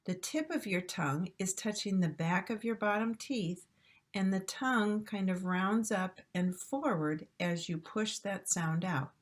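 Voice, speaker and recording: A woman's voice: mid-range voice, a little slow. A woman teaching English pronunciation, modeling sounds carefully and repeating drill words. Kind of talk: slow instructional pronunciation lesson.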